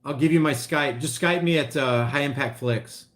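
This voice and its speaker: A middle-aged man talks casually to his livestream viewers in a medium-pitched voice. He rambles, restarts his sentences and reacts to chat, his level rising and dropping as he goes. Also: normal speed. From Oklahoma. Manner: rambling, restarts, swings loud and quiet. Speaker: vlogger reading live chat.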